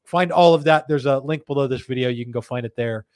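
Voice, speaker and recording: A man's voice: mid-range voice, fast talker, darkish tone, dry recording. A man hosting a casual live chat show, laid-back and joking as he reads viewer comments aloud. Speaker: host. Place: company studio.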